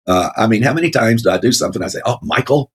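A man's voice: lowish voice, lively intonation, very fast, slightly rough. A man co-hosting a casual Bible discussion, rambling with many fillers and frequent laughs. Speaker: co-host of a Bible talk show.

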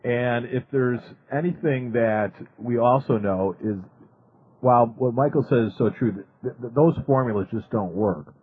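A man's voice: medium pitch, normal speed, breathy edge, no echo. A man hosting a radio talk show, earnest, often stumbling and repeating words. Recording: narrow phone-like radio sound.

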